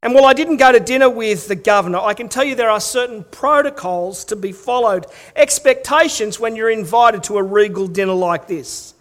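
High-voiced Australian pastor preaching. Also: male voice, a little fast, few pauses. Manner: humorous storytelling, wry asides and rhetorical questions. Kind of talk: sermon.

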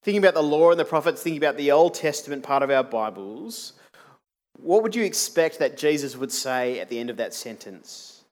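A man's voice: fairly high pitch, animated, fairly quick. A man preaching a sermon, earnest and emphatic, asking the congregation rhetorical questions.

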